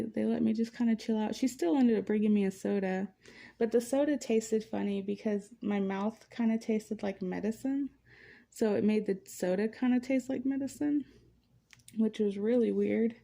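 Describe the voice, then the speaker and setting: A woman vlogger chatting at home in a relaxed, rambling way, full of fillers, while she paints. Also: medium pitch, normal speed, gravelly. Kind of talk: casual chat. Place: at home, indoors.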